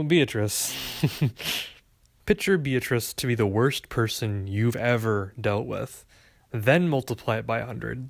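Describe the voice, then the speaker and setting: Man reading a story out loud, dry sarcastic humor, gravelly voice, dry close sound. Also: medium pitch, no echo. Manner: wry, sarcastic. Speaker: audiobook narrator. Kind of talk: first-person storybook narration.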